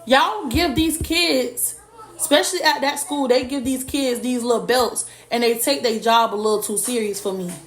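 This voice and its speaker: A woman's voice: fairly high pitch, moderate pace. Indignant woman vlogger in echoey room. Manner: heated, indignant retelling with lots of direct address. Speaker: vlogger and parent. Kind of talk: casual storytime vlog.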